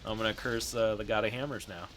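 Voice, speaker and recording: A man co-hosting a geek news podcast in casual chat, who laughs a lot and reacts loudly with swearing. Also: lowish voice, steady tone, fast talker, a little hiss or hum. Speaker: podcast co-host.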